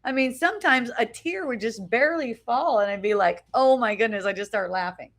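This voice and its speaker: A middle-aged spiritual teacher speaks to a small beach gathering in a fairly high, fairly bright voice that is lively and fairly quick. Captured on phone live video, her informal talk is conversational, full of "right?", restarted sentences and casual swearing.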